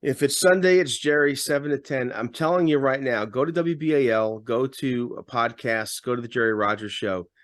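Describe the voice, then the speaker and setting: A man co-hosting a talk show in a casual political chat. He speaks emphatically, repeating words as he gathers momentum. His voice is mid-pitched and the sound is dry and close. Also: normal speed, few pauses, no echo. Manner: emphatic, repeats words when building a point. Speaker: radio host and podcast co-host.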